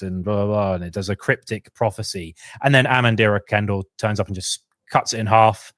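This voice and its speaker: Low-voiced man chatting lore. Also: dry recording. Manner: animated, acts out characters' lines in quick put-on voices. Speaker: podcast co-host. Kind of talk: casual lore chat.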